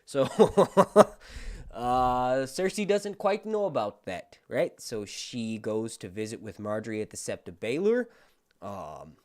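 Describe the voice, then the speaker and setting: Man, livestream host, casual commentary, lively pitch, chatty, swears freely. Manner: animated, profane, chatty. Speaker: YouTube host.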